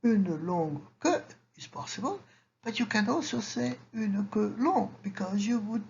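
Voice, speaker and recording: Lady teaching grammar, bit of vocal fry, kinda dull lo-fi mic with faint hiss. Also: mid-range voice, animated, normal speed, darkish tone. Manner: patient, explains each example in English and French, checks in with "okay?". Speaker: French teacher. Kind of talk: slide-based grammar lesson.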